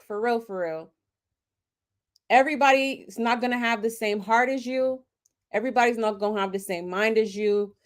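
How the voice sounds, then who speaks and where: A woman hosting a casual reaction commentary, slangy and emphatic, talking straight to her viewers. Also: medium pitch. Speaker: commentary host.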